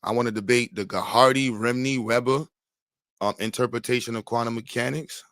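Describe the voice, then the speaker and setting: A man's voice: mid-range voice, steady tone, fairly quick, fairly bright tone, no echo, studio quality. A man talking in a casual, teasing, slangy way, often breaking into laughs as he mocks and riffs. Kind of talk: casual trash-talking banter.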